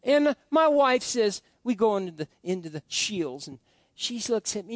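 Folksy high-voiced male pastor. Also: sing-song, moderate pace, dry recording. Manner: folksy storytelling with many restarts. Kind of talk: sermon.

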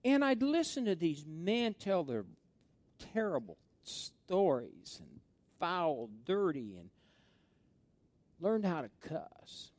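A middle-aged pastor preaching a sermon and telling stories from his youth, swinging between hushed asides and loud, excited stretches. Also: high voice, slow, no echo.

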